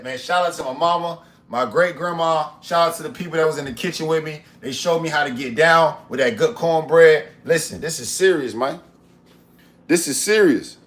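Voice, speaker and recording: A man's voice: a little high, normal speed. Upbeat man preaching in his kitchen. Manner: upbeat, preachy motivational riffs, repeats phrases, talks to chat. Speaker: cooking and motivation streamer. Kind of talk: casual live-stream talk while cooking. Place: home kitchen. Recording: roomy kitchen with faint ambience.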